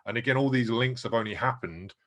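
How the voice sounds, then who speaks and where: A man who teaches martial arts, speaking in a relaxed, measured way in casual chat. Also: medium pitch.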